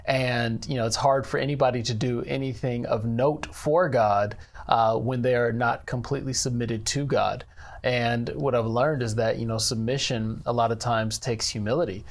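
A man who directs a church ministry, speaking earnestly in an interview about faith, measured and leaning on "you know.". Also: medium pitch, fairly even intonation.

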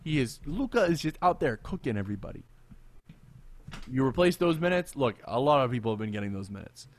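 A man co-hosting a casual sports podcast, animated and quick to laugh, often repeating himself. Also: medium pitch. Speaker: podcast co-host.

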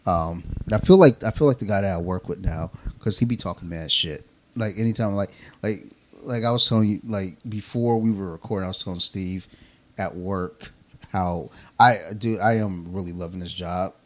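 A man's voice: low-pitched, normal speed. A man co-hosting a casual podcast, telling a profane, laugh-filled story with slang. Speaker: podcast co-host.

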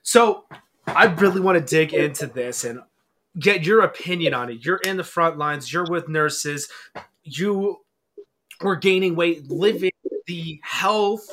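A man's voice: fairly high pitch, measured pace, a bit bright. A man hosting a motivational interview, enthusiastic and emphatic, often repeating his key points. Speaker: weight-loss coach and show host.

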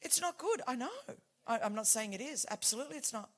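High-voiced woman preaching with passion. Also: expressive, quick pace, breathy edge. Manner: passionate, swings from hushed to shouting. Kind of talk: sermon.

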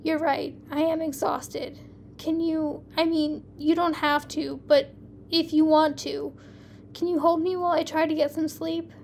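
A woman reading the lines of a tired, guarded female police detective in a weary, quiet way. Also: sits high, little pitch movement, a little slow, a little hiss or hum.

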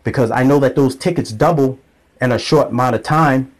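A man's voice: medium pitch, brisk. A man talking straight to his followers in a casual monologue, acting out the people in his stories. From grew up in an island community. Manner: animated storytelling, acts out quoted voices. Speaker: vlogger.

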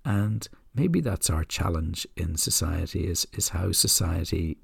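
A deep-voiced man with a gravelly, husky edge. He tells a story in a gentle, unhurried way and drifts into soft asides. The recording is close and dry, with no room sound. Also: lively intonation, no room sound. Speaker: podcast host. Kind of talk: reflective storytelling talk.

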